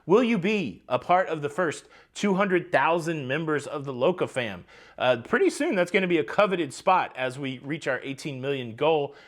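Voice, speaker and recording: A man's voice: on the high side, animated, moderate pace. A man hosting a cruise news vlog, chatty and upbeat, talking straight to his viewers from outdoors by the ocean. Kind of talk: casual vlog commentary.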